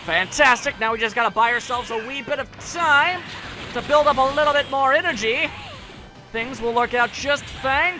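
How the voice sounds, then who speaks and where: A man's voice: extremely high pitch, expressive, moderate pace. A man hosting a let's play, commentating with goofy jokes and taunting the enemy. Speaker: gaming channel host. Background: faint game music.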